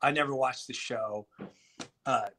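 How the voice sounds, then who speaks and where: A middle-aged man telling a story in casual chat, animated and profane, acting out what others said. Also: mid-range voice, measured pace, slight background noise. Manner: animated, swearing, acts out quotes. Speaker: guest.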